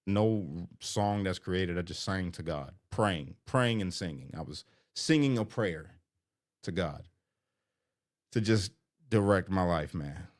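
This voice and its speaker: A man's voice: low-pitched, expressive, slow pace. A middle-aged man telling his own story in a candid, emotional vlog, rambling with fillers. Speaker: vlogger. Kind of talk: personal vlog, confessional storytelling.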